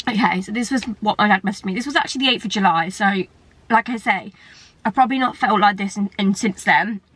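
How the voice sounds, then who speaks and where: A woman's voice: mid-range voice, fast, a bit bright, breathy edge, no room sound. A young English woman talking candidly to camera in a personal vlog, tearful and rambling. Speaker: vlogger.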